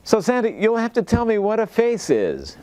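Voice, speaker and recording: A man hosting a local TV interview, polite and a little hesitant, often pausing with "uh". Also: sits high, wildly swooping pitch, darkish tone. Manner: hesitant, polite, fills gaps with uh. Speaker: host.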